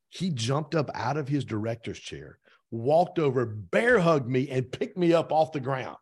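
A man's husky, slightly rough voice at a middle pitch, talking as a podcast guest. He tells his story with lots of energy and slips into the voices of the people he quotes. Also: measured pace. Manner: energetic, retells events with lively quoted dialogue. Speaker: podcast guest, real estate team owner. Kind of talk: animated storytelling in conversation.

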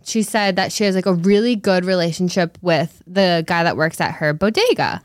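A woman's voice: lowish voice, normal speed, dry recording, studio quality. A young woman co-hosting a podcast, chatting casually and acting out the people in her stories. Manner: chatty storyteller, acts out quotes. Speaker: podcast co-host. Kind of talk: casual chat.

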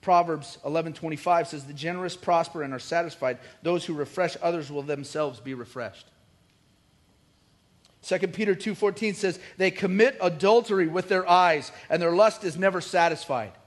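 A middle-aged man preaching a sermon, animated and joking, with rising emphatic bursts. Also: a little high, normal speed. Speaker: pastor.

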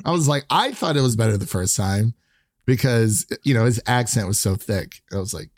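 A man's voice: on the low side, lively intonation, normal speed, no room sound. Guy rambling thru a movie review, lots of restarts, dry close mic. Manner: hesitant, restarts often, laughs. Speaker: podcast co-host. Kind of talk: casual movie review chat.

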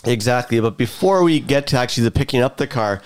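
A man co-hosting a casual podcast chat, telling an animated anecdote and acting out the people in it. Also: mid-range voice, fast, clear, resonant tone. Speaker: podcast co-host.

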